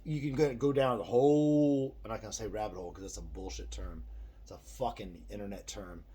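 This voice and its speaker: A man's voice: on the low side, brisk, warm tone, breathy edge. A middle-aged man vlogging a rambling, profane opinion monologue with self-deprecating asides.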